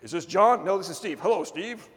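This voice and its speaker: Man playing deep slow charity phone caller, solemn, long hall echo. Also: lively intonation. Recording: long reverb of a big hall.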